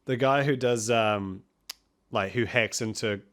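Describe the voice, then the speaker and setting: A man's voice: mid-range voice, measured pace, a bit bright. A man with a New Zealand accent, a podcast guest chatting casually, rambling and swearing freely with frequent laughs.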